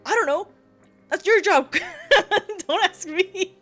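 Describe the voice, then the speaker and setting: A woman's voice: very high-pitched, slow, fairly bright tone, soft background music. A young woman streaming, chatting casually with her chat, laughing often and tripping over restarts. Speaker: VTuber streamer.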